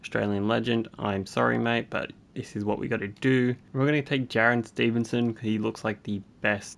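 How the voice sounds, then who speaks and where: A young man talks through a basketball video game in casual commentary, his voice carrying a gravelly, fry-edged texture. His pitch sits in an ordinary middle range for a man. He chats along steadily and bursts into sudden excited reactions. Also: moderate pace. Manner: chatty, reacts aloud with sudden excited jumps. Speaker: gaming YouTuber.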